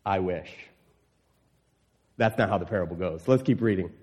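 A man preaching a sermon, reading scripture and acting out indignant voices. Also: moderate pace. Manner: animated, voices indignant listeners with rising pitch. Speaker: pastor.

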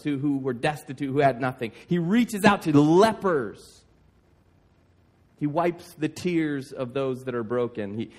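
A male pastor preaching a sermon, emphatic, with stammered restarts and "like, like". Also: fairly high pitch.

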